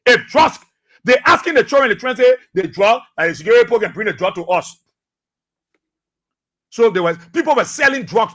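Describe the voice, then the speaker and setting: Man, Liberian English accent, very high voice, impassioned radio commentary, repeats himself for emphasis. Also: bright, forceful tone, slightly rough. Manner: fiery, preachy, repeats phrases for emphasis. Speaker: radio talk show host.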